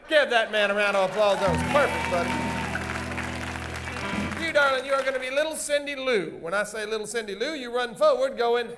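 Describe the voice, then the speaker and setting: A man hosting a live stage comedy show, folksy and teasing, loudly acting out bits for the audience. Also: very high voice, expressive, brisk. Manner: loud, folksy, teasing, acts out bits for the crowd. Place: stage of a large indoor comedy theater. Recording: live venue with band music and crowd noise.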